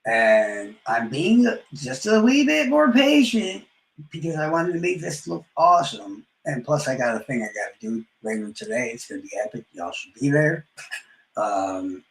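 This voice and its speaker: Gravelly, boastful trash-talking man. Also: medium pitch, big pitch swings, moderate pace, roomy sound, rough recording. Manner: boastful, profane trash talk with trailing mumbles. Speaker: livestreamer. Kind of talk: trash-talking live stream monologue.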